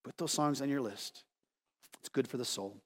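A man from the United States preaching a sermon to his church, conversational and animated, with rhetorical asides. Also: medium pitch, normal speed, big-room sound. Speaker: pastor.

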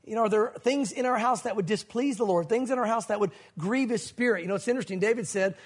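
A fast-talking male pastor preaches in a husky, slightly breathy voice that sits fairly high for a man. His delivery is earnest and conversational, full of asides to his listeners. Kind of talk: sermon.

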